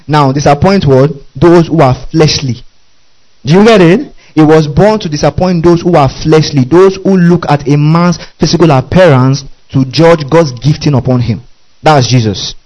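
A man with a fairly high voice preaches a sermon. He is emphatic, keeps asking his congregation whether they are following, and drops in hallelujahs and amens between points. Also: a little mellow, rough recording. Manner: repeats questions to the congregation, emphatic; interjects hallelujah and amen. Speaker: pastor.

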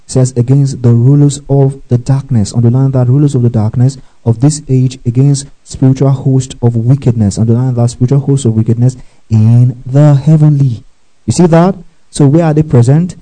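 A man with a warm, mid-range voice preaches a teaching sermon, frequently checking in with listeners using "okay?" and "right?" and spelling words out letter by letter. The recording quality is low.

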